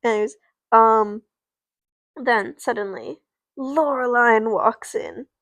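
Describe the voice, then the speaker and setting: A woman's voice: on the high side, takes it slowly, a bit bright, no echo. A woman streamer improvising a story with dolls, rambling, correcting herself and swearing. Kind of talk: casual improvised storytelling with doll play.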